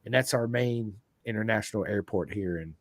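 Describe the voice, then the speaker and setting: A man's voice: on the low side, fairly quick, no echo. An American man hosting a podcast interview, chatting casually and enthusiastically and calling his guest dude and bro. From United States. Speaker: podcast host.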